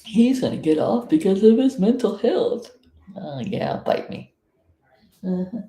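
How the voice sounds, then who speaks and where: A woman's voice: mid-range voice, big pitch swings, measured pace, mellow, reverberant. A woman from South Florida giving blunt, indignant live commentary as a vlogger, swearing freely.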